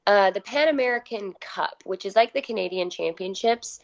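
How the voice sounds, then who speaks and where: A young woman guest in her twenties, a little hoarse, chatting casually with lots of "like" fillers. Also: medium pitch, moderate pace, dull audio. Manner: chatty, filler-heavy, uses "like" a lot. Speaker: guest athlete. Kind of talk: casual interview chat.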